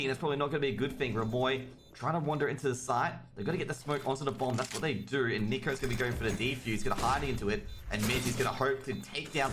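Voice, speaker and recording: A man with an Australian accent doing live solo commentary of a video game match, chatty and quick, getting excitable on big plays and joking with his chat. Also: mid-range voice, noisy background. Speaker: esports caster.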